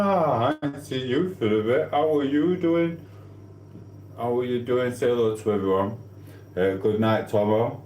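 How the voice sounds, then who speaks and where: A man's voice: on the low side, a little mellow, roomy sound, slight background noise. A man in a rambling live-stream chat with viewers, talking casually from his kitchen while he cooks and laughing often. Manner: rambling and chatty, laughs often, keeps asking "do you know what I mean". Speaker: livestreamer chatting with viewers. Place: home kitchen while cooking.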